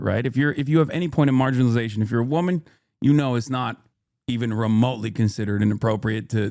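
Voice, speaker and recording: A man hosting a live stream talks straight to his chat in a loose, unscripted way. He moves between joking pushback and earnest explaining, often restarting sentences as he works out his point. His voice sits at an ordinary middle pitch, recorded close and dry. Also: dry recording. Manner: frequent restarts and filler while thinking aloud. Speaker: livestream host. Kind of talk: casual live-stream commentary.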